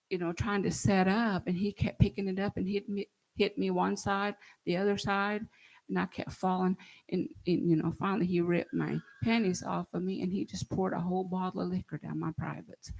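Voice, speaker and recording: A woman, telling her own story in a halting, hushed and earnest way. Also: lowish voice, creaky, poor audio. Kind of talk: recounting a personal story.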